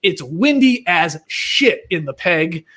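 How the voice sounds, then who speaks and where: A man's voice: sits high, sing-song, takes it slowly, bright, forceful tone, slight background noise. A man hosting a casual sports chat, joking and reeling off trivia. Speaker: podcast host.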